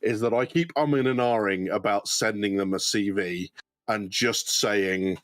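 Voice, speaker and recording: A man's voice: fairly low pitch, normal speed, no echo. A man with an English accent co-hosting a casual livestream Q&A, rambling with lots of ums and casual swearing. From United Kingdom. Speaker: co-host.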